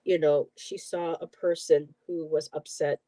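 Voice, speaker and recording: A middle-aged host from the Buffalo, New York area, who also reads tarot, chats casually in a mid-range, steady, warm voice at an unhurried pace. Her storytelling is rambling and emotional, sprinkled with lots of "um" and "you know." The recording is dry.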